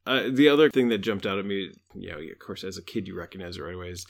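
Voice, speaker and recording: A man's voice: sits low, fast talker, creaky. A man co-hosting a casual podcast about cartoons, speaking in an easygoing way with chuckles and dry asides. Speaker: podcast co-host.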